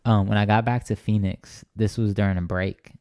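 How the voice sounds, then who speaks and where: Low gravelly young guy telling his faith story, earnest, rambles a lot, keeps saying right. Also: steady tone, moderate pace, darkish tone, no room sound, studio quality. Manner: earnest, rambling with many restarts and "right?" tags. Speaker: interview guest. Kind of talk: conversational testimony.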